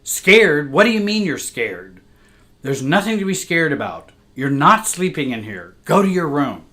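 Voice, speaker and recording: A man's voice: a little high, very animated, measured pace, bright, forceful tone, voice pushed up, heavily acted. A man voicing a stern, demeaning mother who scolds her daughter. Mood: scolding. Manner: harsh, scolding.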